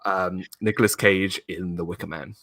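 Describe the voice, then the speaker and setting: A man hosting a casual live-stream chat over a video call, talking with enthusiasm and loudly acting out movie quotes. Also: low-pitched, fairly even intonation, moderate pace, dry recording. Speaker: host.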